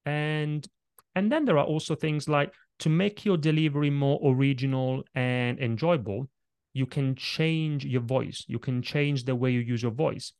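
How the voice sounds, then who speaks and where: A man's voice: medium pitch, a little slow, darkish tone, clear, resonant tone. Middle-aged male presentation coach, guest in an interview, demonstrates vocal techniques as he explains.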